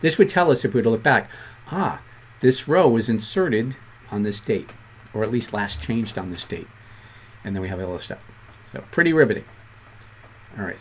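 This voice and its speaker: A man with a Boston accent teaching a programming lesson, talking quickly and conversationally with self-deprecating asides. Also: medium pitch, lively intonation. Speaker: programming instructor. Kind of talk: screen-recorded coding tutorial.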